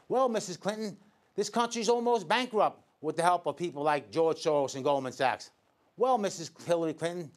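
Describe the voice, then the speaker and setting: New electrician host, high-pitched voice, sarcastic editorial rant. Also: male voice. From Staten Island, New York. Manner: indignant, sarcastic, addresses people directly. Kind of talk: scripted editorial commentary.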